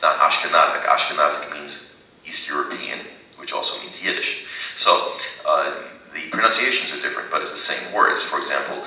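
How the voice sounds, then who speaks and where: An older man teaching an audience in a chatty lecture, asking them questions and filling pauses with "uh". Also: rumbling low, bright, forceful tone. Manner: chatty, asks the audience questions, many "uh"s and "right?". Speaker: Yiddish teacher giving a library talk. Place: library meeting room. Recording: echoey hall, voice from far off the mic.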